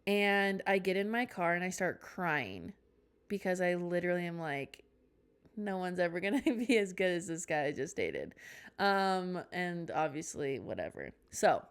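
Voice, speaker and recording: A woman's voice: on the low side, expressive, a little slow, clear, resonant tone. A young woman hosting a podcast, telling a rambling storytime with tangents and self-mocking asides. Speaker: podcast host. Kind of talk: casual storytime chat.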